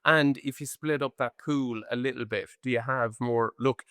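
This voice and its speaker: An Irish man in his forties co-hosting a rugby podcast, talking in an animated, rambling, chatty way. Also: mid-range voice, normal speed, smooth, no echo, studio quality. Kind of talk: casual chat.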